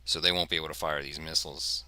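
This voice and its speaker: A man's voice: extremely low pitch, flat delivery, fast, sharp tone, clear, resonant tone, no echo. A man hosting a casual strategy game discussion, joking and thinking aloud while he explains moves. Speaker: host.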